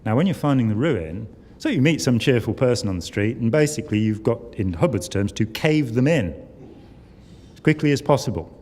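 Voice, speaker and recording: A man's voice: medium pitch, animated, brisk, darkish tone. An older man giving a conversational talk at a conference, wry and full of asides. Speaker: conference speaker. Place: conference hall. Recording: long hall reverb.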